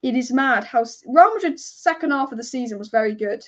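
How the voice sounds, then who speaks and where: A young woman hosting a live football watch-along, chatting excitably and swearing casually as she reacts to the match. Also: fairly high pitch, a little fast, muffled recording. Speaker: football fan channel host.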